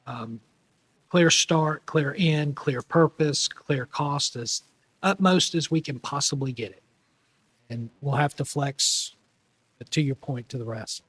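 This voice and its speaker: Male meeting chair, brisk, formal, dry close sound, city hall chamber. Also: mid-range voice. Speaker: presiding commission member.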